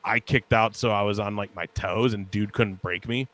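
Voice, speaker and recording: A man's voice: lowish voice, steady tone, normal speed, a bit bright. A young adult man co-hosting a podcast, chatting casually and telling rambling stories full of "like". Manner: rambling storyteller with many "like" fillers. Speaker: podcast co-host. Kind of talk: casual chat.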